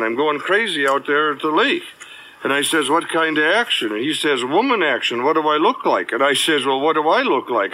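Rambling Minnesotan bartender. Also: male voice, fairly high pitch, sharp tone, low-quality recording. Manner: long-winded rambling storyteller. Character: folksy small-town male bartender, talkative. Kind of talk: film dialogue.

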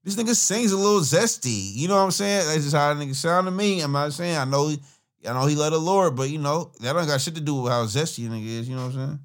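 A podcast host reacts to songs, giving casual, profane, rambling commentary and laughing often. He has a fairly high voice and talks fast.

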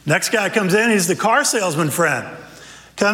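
A man, a pastor, preaching a sermon, praying and then telling a lively story with character voices. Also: unhurried, creaky. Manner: animated storyteller, voices characters with raised pitch. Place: church sanctuary. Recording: church hall reverb.

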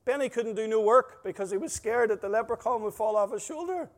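A man preaching a sermon, emphatic and full of stories, his volume swinging between loud stresses and quiet asides. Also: high-pitched, lively intonation, fairly quick. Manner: emphatic, storytelling, rising and dropping volume. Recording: long hall reverb.

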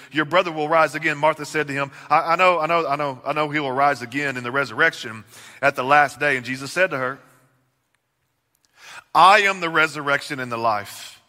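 A man preaching a sermon, swinging from loud, emphatic lines to hushed, intimate questions. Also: mid-range voice. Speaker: pastor. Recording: long reverb of a large hall.

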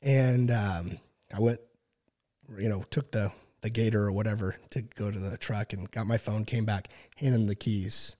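A man in his thirties telling a long story in casual chat, with many fillers and frequent throat clearing. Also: on the low side, normal speed. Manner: relaxed, filler-heavy, clears throat often. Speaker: podcast guest.

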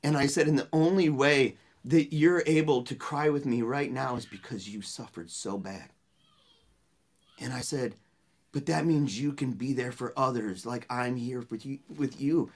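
A guest at a book launch sharing an emotional personal story in a loose, heartfelt way, dropping to a hushed voice at tender moments. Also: medium pitch, steady tone, moderate pace. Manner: earnest and emotional, dropping to a hushed voice when retelling words of comfort; loose spoken style with restarts and colorful phrases. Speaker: guest speaking at a book release party.

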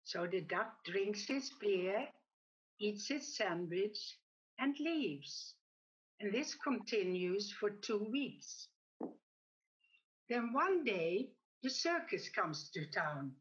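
A woman speaking slowly and calmly, explaining ideas step by step in a reflective talk. Her voice sits at an ordinary middle pitch. The recording sounds somewhat dull and muffled. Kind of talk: reflective talk with a told joke.

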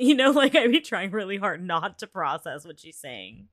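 A woman's voice: mid-range voice, expressive, brisk, dry recording, clean studio sound. A woman in casual reaction chat, recapping an emotional series scene with laughs and fillers. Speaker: co-host of a reaction show.

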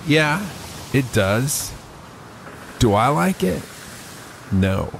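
A man's voice: medium pitch, sing-song, extremely slow, vocal fry, slight background noise. A man in his forties hosting a podcast, rambling in a casual, profane, self-mocking way into a mic held close in front of his face. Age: 40s. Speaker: podcast host.

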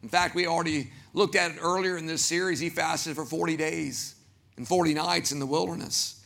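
A man with a Southern accent, preaching a sermon as pastor, animated and acting out quoted voices. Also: a little high, brisk, vocal fry.

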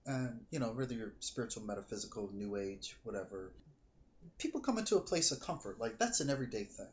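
Quick-paced and fairly low, his voice comes through with the highs cut off and a little hiss or hum. The psychic reader on this casual podcast tells stories animatedly, acting out the quoted dialogue.

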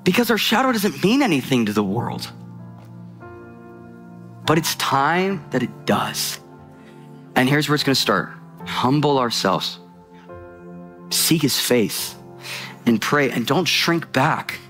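A man preaching a sermon with passion, swinging between loud urgency and low intensity and rushing in bursts with repeated restarts. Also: very animated, soft background music.

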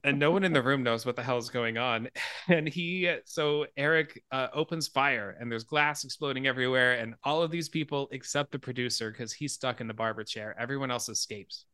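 A man hosting a podcast in casual chat, retelling a film scene in an animated way and laughing along. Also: mid-range voice, brisk, clear, resonant tone, no room sound. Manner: animated storyteller, laughs and swears freely. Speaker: podcast host.

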